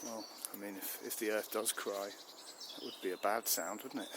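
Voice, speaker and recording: Mild deadpan man. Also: lowish voice, normal speed, background noise. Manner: mild, bemused, deadpan replies. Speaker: comedian. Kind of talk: solo improvised comedy.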